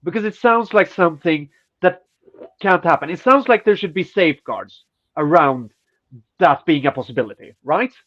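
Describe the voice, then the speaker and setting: A man's voice: fairly high pitch, moderate pace, lo-fi sound. A man co-hosting a podcast in casual chat, ranting and swearing, with a stuffy nose. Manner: profane, ranting, animated. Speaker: podcast co-host.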